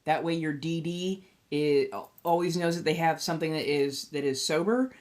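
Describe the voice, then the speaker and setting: A woman's voice: low voice, normal speed. A woman in her thirties hosting a casual livestream, ranting with lots of swearing and laughter. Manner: profane, animated ranting with frequent laughter. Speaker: livestream host and tarot reader.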